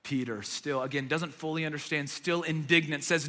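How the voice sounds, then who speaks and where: A male pastor preaching with dramatic storytelling, his voice rising and then dropping almost to a whisper. His tone is high and bright. Long reverb from a large church hall follows each phrase. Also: normal speed. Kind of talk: sermon.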